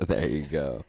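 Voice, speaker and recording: A man hosting a podcast, telling stories in a rambling, animated way and laughing often. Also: low voice, vocal fry, breathy edge, no room sound. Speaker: podcast host. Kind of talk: casual podcast chat.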